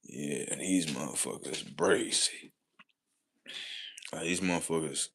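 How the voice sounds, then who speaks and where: A man rambling on a casual livestream, profane and slangy, laughing often and swinging between loud outbursts and low mumbles. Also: takes it slowly, gravelly, slightly rough.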